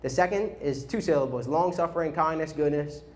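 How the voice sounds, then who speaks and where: A man preaching a sermon in an energetic, conversational way, often saying "man" to the congregation. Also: a little high, a little fast.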